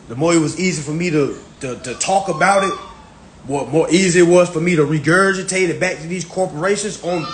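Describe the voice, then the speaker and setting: A man talking casually on a livestream, emphatic and profane, often repeating his phrases. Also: a little high. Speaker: social media livestreamer. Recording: echoey room with faint background noise.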